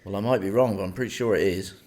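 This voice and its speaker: A man's voice: fairly low pitch, rapid-fire, darkish tone. A man co-hosting a casual podcast chat, with a dry, pedantic, playfully argumentative manner. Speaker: podcast co-host.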